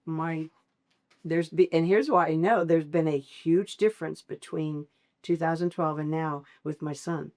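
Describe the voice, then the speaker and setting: A middle-aged woman with a fairly low voice shares her caregiving life as a guest in an interview. She tells it like a storyteller, bursting into high-pitched quoted voices now and then before settling back into easy conversation. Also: unhurried. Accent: Southern American. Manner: animated storyteller, acts out quoted voices with big pitch jumps.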